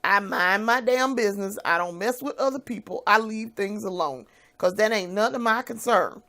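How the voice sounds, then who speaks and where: A woman venting in a vlog, blunt and profane, swinging from quiet, hesitant musing to loud, heated outbursts. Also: mid-range voice, moderate pace. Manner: fiery, profane, blunt ranting. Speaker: vlogger.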